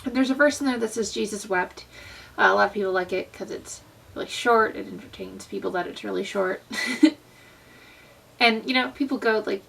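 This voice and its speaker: Earnest young woman, gravelly and husky. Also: mid-range voice, fairly bright tone, distant mic, low-quality recording. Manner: earnest, conversational, many fillers. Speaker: Christian vlogger. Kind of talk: casual devotional vlog talk.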